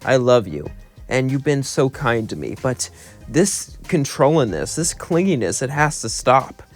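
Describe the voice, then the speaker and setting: A man's voice: medium pitch, big pitch swings, a little slow, soft background music, pitched above the performer's own voice. A man voicing an earnest worried young woman. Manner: earnest and pleading.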